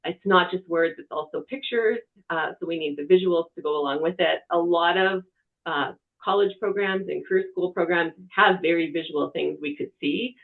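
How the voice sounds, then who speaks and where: Conversational TV reporter, mid-pitch, tinny webinar audio, quiet room. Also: moderate pace. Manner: conversational, talks with hands. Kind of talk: practical media-training talk.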